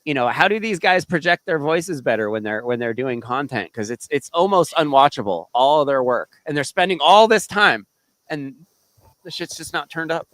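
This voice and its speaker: A male podcast host with a fairly high voice, ranting bluntly and swearing freely in casual live-stream commentary. The sound is dry and close. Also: lively intonation, moderate pace, a bit bright, no echo, rough recording.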